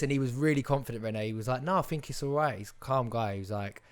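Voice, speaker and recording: A man's voice: mid-range voice, quick pace, smooth. A young man, an actor guest in a casual podcast chat who rambles, restarts often and acts out quotes.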